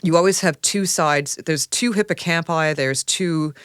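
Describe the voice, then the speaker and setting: A woman from Canada, a science writer guesting on a podcast, talking in an animated, enthusiastic storytelling way. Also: sits low, unhurried, clear, resonant tone, dry recording, studio quality. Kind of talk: casual podcast conversation.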